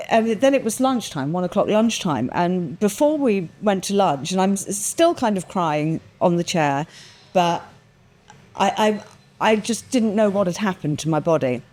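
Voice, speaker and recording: A woman, a podcast guest, telling a personal story in a lively, expressive way, acting out the quotes and swearing casually. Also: medium pitch.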